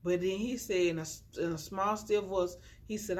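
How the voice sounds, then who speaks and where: Speaking at normal speed in a steady, darkish mid-range voice, a young woman vlogs to her phone from the floor at home, the phone on a tripod with a ring light. She casually encourages her viewers in a chatty, preachy way, with "y'all" in nearly every breath.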